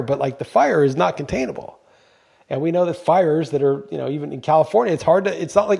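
A man's voice: a little high, expressive, brisk, creaky, a little mellow, husky. A man co-hosting a podcast, talking emphatically in casual chat and swearing freely when he gets going. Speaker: podcast co-host.

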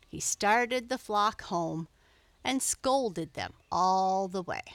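Female storybook narrator; gentle, unhurried, measured. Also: medium pitch, dry recording.

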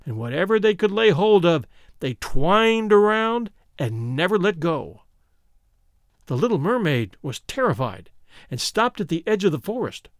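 Expressive male storybook narrator, high voice. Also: no echo, studio quality. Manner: expressive, slowing for dramatic moments. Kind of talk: storybook reading.

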